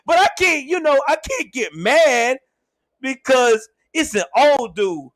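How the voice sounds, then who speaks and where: A young man hosting a livestream, telling a story in a casual, laughing, animated way. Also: extremely high pitch, unhurried, no echo. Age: young adult. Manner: laughs often, animated, swears freely. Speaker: show host.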